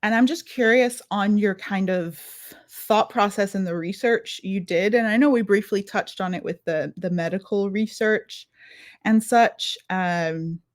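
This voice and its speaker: A woman's voice: medium pitch, unhurried, no echo. Woman, Scottish accent, podcast co-host, enthusiastic, chatty, dry recording. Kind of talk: casual chat.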